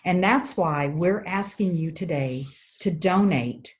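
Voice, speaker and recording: A woman's voice: on the low side, slow pace. A woman co-hosting a livestream event, speaking earnestly and telling stories with frequent restarts. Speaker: event co-host. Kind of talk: livestream talk.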